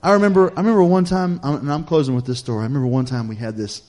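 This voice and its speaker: A middle-aged man, preaching a sermon in a folksy storytelling way that builds to loud exhortation. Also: medium pitch, steady tone, rapid-fire.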